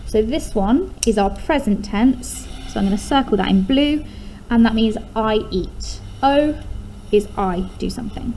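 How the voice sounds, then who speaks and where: A woman's voice: on the high side, dark tone, a little hiss or hum, low-quality recording. Patient English woman teaching a lesson. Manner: patient, explains step by step, stresses key syllables. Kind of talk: recorded lesson walkthrough.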